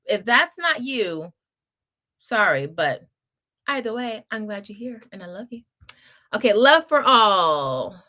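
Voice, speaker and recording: A woman's voice: mid-range voice, sing-song, slow, long pauses, pushed and bright. A middle-aged woman hosting a casual livestream, reading viewer comments and giving encouraging, chatty advice with laughs and restarts. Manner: Southern-style address to viewers. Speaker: homeschool channel host.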